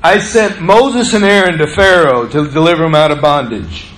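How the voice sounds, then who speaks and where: Male pastor preaching, high-pitched, swings from emphatic to hushed, faint noise in the room. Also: moderate pace, low-quality recording. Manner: preaching with emphatic rises and hushed low drops. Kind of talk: sermon.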